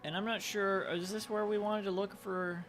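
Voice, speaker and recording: A man's voice: high-pitched, level tone, moderate pace, a bit bright, faint music behind. A man casually commenting while streaming a video game, muttering asides and reading on-screen text aloud. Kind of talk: casual let's-play commentary.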